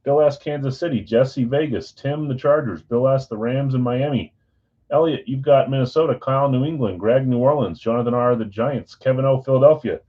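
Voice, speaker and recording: A man hosting a live sports card break stream, chatting casually with viewers and reading out team assignments in a relaxed way. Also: medium pitch, fairly quick, highs cut off. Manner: relaxed, chatty, talks straight to viewers by name.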